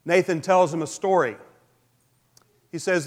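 Man, pastor, sermon, conversational, fillers, slightly high voice, long hall reverb. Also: expressive, unhurried, pauses often. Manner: conversational preaching with frequent fillers.

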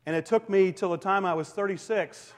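A man in his forties delivers a sermon from the pulpit, his voice pitched high. He is animated, climbing to loud emphatic peaks and then dropping to near-whispered asides. The sound carries a long reverb from the church sanctuary. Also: normal speed. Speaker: pastor.

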